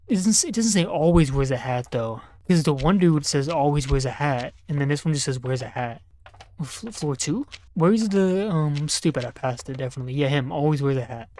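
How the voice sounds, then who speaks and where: A man's voice: fairly high pitch, darkish tone, no echo. A young man giving casual gameplay commentary, joking and talking back to on-screen characters while muttering notes and numbers to himself. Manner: reads numbers and notes aloud under his breath. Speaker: gaming YouTuber.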